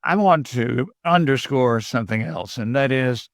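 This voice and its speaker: An older man from Georgia, a communication coach guest, giving measured, deliberate advice in points. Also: medium pitch, animated, no room sound, studio quality. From Georgia, USA. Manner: measured, deliberate, lists points and quotes sayings.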